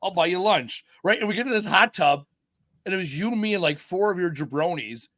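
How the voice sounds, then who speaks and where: Fast-talking, swearing podcast host. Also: male voice, high voice, animated, fairly bright tone, no room sound, clean studio sound. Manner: profane, rambling storyteller. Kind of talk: casual podcast chat.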